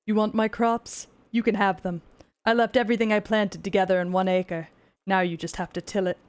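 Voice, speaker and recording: A woman's voice: mid-range voice, level tone, a little fast, clean tone, lightly acted. A woman voicing a grand, dramatic British male narrator in a put-on British accent, telling a mock-epic tale.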